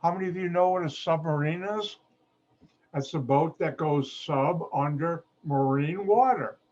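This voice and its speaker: Joking chemistry lecturer on a call. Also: male voice, a little high, a little slow, a little mellow. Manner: jokey, playful asides. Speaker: chemistry instructor. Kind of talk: online lecture. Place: video call. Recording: muffled video call audio.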